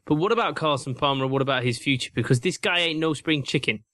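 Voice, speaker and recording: A man's voice: a little high, quick pace, pushed and bright, dry recording. A man co-hosting a sports podcast, enthusiastic and questioning in casual chat. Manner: enthusiastic, questioning, addresses co-host by name. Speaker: podcast co-host.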